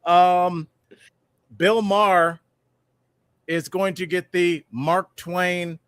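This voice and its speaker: A man with a high-sitting, steady voice speaks extremely slowly, his tone clean and a bit bright in a dry recording. He co-hosts a comedic news podcast, chatting casually, rambling, joking, and often mimicking tough-talking guys.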